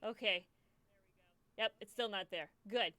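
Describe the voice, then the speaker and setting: A woman's voice: mid-range voice, a little slow, sharp tone, no room sound. A young woman hosting a charity livestream, emotional and choked up, stammering and repeating herself as she talks casually to her viewers. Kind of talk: casual live stream chat.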